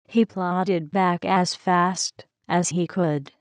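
Slow, gentle woman storyteller. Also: lowish voice, fairly even intonation, no room sound. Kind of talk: children's story reading.

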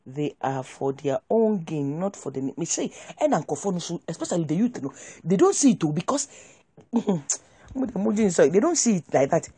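A woman with a Ghanaian accent hosts a heated political commentary, her voice rising and falling with lively emphasis. She flips between English and Twi, circling back over her points. Her tone is a little breathy, and the sound is dry and close. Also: on the low side, normal speed, no echo. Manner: animated, mixing English with Twi, repetitive. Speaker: show host.

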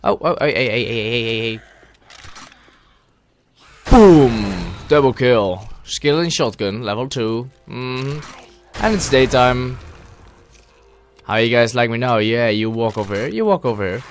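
A man hosting a gaming channel, giving let's play commentary as he talks to himself and bursts into loud, excited shouts. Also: mid-range voice, moderate pace, slight background noise.

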